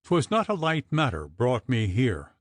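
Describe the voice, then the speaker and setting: A man voicing a grim, menacing male church clerk in an audiobook, with a hoarse, level voice and quiet threat. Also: mid-range voice, huge pitch swings, unhurried, no echo, clean studio sound. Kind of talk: audiobook character reading.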